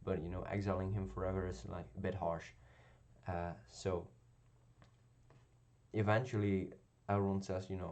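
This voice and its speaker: A man with a deep, dark voice talks through a television episode in a casual review. His delivery stays fairly flat, and he stops and restarts often, filling the gaps with ums. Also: moderate pace. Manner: hesitant, many ums and restarts. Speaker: video reviewer.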